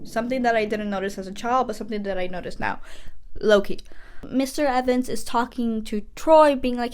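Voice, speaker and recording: A young woman vlogger recapping a movie in a chatty, casual way, often slipping into quick quoted asides. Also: on the high side, darkish tone, smooth.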